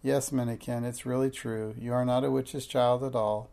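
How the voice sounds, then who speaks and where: A beautiful, gentle nymph mother speaks in soft, lilting tones, put on by a man reading a storybook aloud. The voice stays low and mellow, with a gravelly edge. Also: flat delivery, moderate pace, lightly acted.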